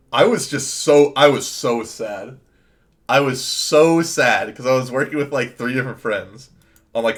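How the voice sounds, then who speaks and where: Young man, casual streamer, rambling self-mocking story, middle pitch, keyboard typing in the background. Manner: rambling anecdote with filler "like", laughing at himself. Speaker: gaming streamer. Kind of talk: casual storytelling while playing a card game.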